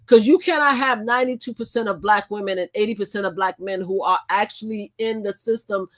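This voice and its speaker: An older woman hosting a livestream and reacting to clips. She speaks emphatically, repeats her points and exclaims loudly at what she sees. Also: medium pitch, brisk. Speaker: livestream host.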